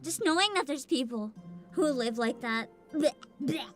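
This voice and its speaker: A woman's voice: high voice, animated, normal speed, faint music behind. A woman in her twenties streaming casually as a VTuber, greeting chat by name, laughing often and swearing freely. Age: 20s. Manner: reads out and greets chat names.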